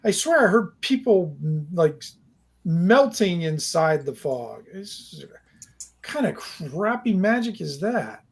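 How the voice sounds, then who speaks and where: A man's voice: sits high, sing-song, slow pace, gravelly, slightly rough, full character voice. A man voicing a crude, drunk male mercenary in a tabletop game who is baffled by something strange. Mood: incredulous. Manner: coarse, incredulous, swearing.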